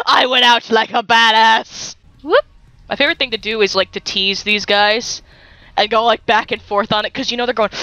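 A young woman giving playful, excitable commentary while playing a video game, joking and talking to the creatures she meets. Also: fairly high pitch, moderate pace, soft background music. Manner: giggly, silly and excitable, talks to game creatures. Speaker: gaming YouTuber.

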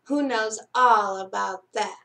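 A woman's voice: medium pitch, slow pace, gravelly. A young woman, a children's librarian, talking animatedly to kids before a story time reading. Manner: animated, speaking directly to kids.

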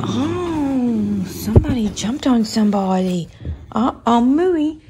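A woman's voice: on the high side, very animated, slow pace, warm tone. A woman from Western Kentucky with a Kentucky accent, chatting casually in a vlog and cooing sing-song at her dogs. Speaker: vlogger. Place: outdoors by a lake and at home. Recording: noisy outdoor recording.

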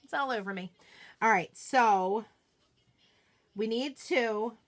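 A woman hosting a live craft demonstration, chatting casually and excitedly, often murmuring quietly to herself as she works. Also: a little high, slow. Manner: bubbly, chatty, self-deprecating, often drops to a murmur while working. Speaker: craft livestream host.

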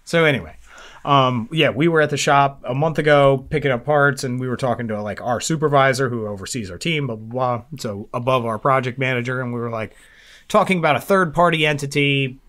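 A man talks casually on a recovery podcast. His voice sits at an ordinary middle pitch. He rambles, swears freely and keeps restarting his sentences as he tells a long story. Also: a little fast, a bit bright. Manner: rambling and profane, with many fillers and restarts. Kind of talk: casual chat.

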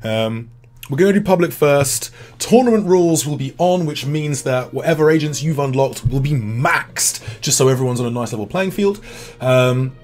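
This British livestream host has a mid-range, expressive voice with a darkish tone and talks at a normal speed. He offers relaxed commentary on his game, reads viewer messages out loud, and pokes fun at himself in a chatty way.

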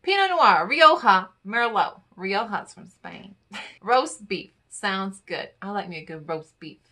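Woman, vlogger, casual chat, playful, mutters asides, bright tone. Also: mid-range voice, expressive, slow pace. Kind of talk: casual chat reading infographics aloud.

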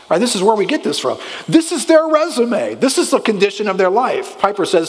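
A man's voice: big pitch swings, brisk, hardly any pauses. Emphatic male pastor in a reverberant hall. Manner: emphatic preaching, rising pitch on key phrases, asks the congregation questions. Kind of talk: sermon. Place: church sanctuary.

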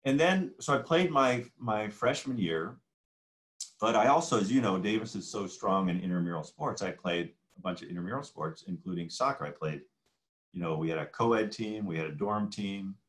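A man in his sixties, a guest in a casual interview, telling animated stories and acting out the dialogue. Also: lowish voice, moderate pace. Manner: animated anecdotal storyteller who acts out quoted dialogue.

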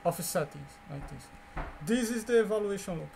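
High-voiced man teaching code, halting. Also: expressive, vocal fry, a little mellow, a little hiss or hum. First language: Portuguese. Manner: halting, repeats words, many fillers and restarts. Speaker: course instructor. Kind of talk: coding lecture walkthrough.

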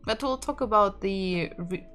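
Woman, Russian accent, native Russian speaker, casual online tutor, slow and patient, faint music behind. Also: mid-range voice, fairly bright tone. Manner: unhurried, repeats words aloud, light laughs. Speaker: Russian language teacher. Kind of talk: casual online language lesson.

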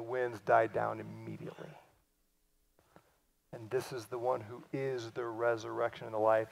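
A man preaching a sermon, acting out quoted lines and swinging from loud cries to hushed, near-whispered passages. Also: mid-range voice, moderate pace, vocal fry, pauses often. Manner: acts out quoted lines in lively voices. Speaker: pastor.

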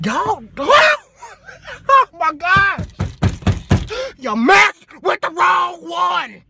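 A man playing a loud, sassy, heavyset woman with a hot temper, ranting in a comedy sketch. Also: very animated, very slow, creaky, noisy background, full character voice. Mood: furious. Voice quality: shrill, yelling rants.

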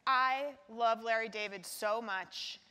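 A woman, the guest author, telling lively anecdotes in a live onstage conversation and acting out the people in them. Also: fairly high pitch, slow pace, clear, resonant tone. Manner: animated storyteller who acts out other people's voices. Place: large hall before a live audience. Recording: hall reverb.

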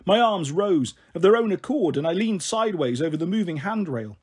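Husky male storyteller, lively and high. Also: a little fast, hardly any pauses. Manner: expressive first-person narration. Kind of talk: audiobook reading of a children's novel.

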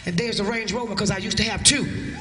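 A woman preacher telling a story in a sermon, shouting and urging the crowd to answer back. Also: medium pitch, fairly even intonation, a little fast, reverberant, big-room sound, background noise. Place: church crusade service.

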